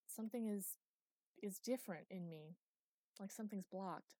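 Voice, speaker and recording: A woman voicing a young female ship AI in an audiobook, speaking softly and hesitantly with guilt. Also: mid-range voice, normal speed, no echo, lightly acted. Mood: apologetic.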